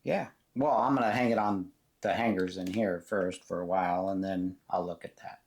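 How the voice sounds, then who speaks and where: A man chats with his partner while they craft. He sounds relaxed and agreeable, and often keeps his replies short. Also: sits low, normal speed. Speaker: co-host, partner of the host. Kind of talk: casual chat while crafting.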